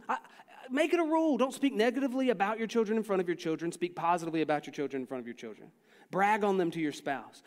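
A man preaching a sermon, telling animated stories and acting out his own shouts and soft talks. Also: sits high, quick pace. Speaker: pastor. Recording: long hall reverb.

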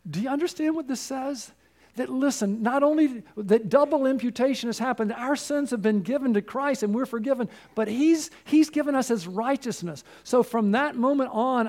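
A man's voice: very high voice, darkish tone. A man preaching a sermon as pastor, in an earnest, repetitive cadence with direct appeals to the listener.

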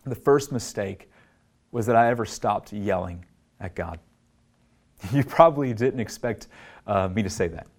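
Earnest preacher man, low voice. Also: expressive, a little slow, pauses often. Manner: earnest, rising to emphatic peaks then dropping low and soft. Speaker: pastor. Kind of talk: sermon.

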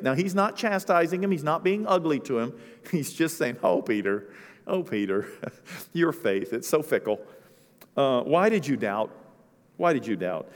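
A male pastor preaches with a slightly raised voice, working through the story and playing out little scenes for the congregation. His words ring out with a long reverb that fills the church hall around him. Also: fairly high pitch. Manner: animated storytelling, acting out voices. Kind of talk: sermon.

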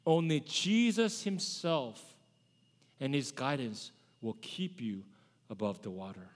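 A man's voice: medium pitch, lively intonation, takes it slowly. A man in his forties, a pastor giving a conversational sermon and asking his congregation questions. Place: church sanctuary. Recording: long church hall reverb.

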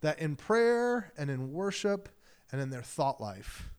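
A man's voice: fairly high pitch, big pitch swings, slow pace, clean tone. A man preaching a sermon as pastor, talking in a loose conversational way and acting out quoted voices.

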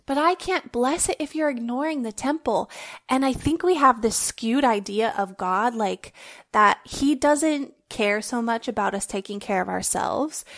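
A woman hosting a faith-based podcast, talking in an earnest, heartfelt, conversational way and recording at home on her phone. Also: fairly high pitch. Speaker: podcast host.

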